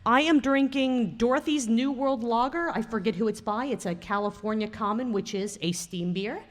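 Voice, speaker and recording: A woman's voice: on the high side, moderate pace. A woman co-hosting a casual podcast recorded live at a bar, chatty and teasing and laughing often. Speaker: podcast co-host. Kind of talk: casual chat.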